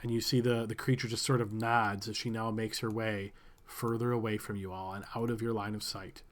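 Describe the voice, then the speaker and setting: A man narrating a tabletop game as game master, relaxed and searching for words. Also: lowish voice, fairly quick.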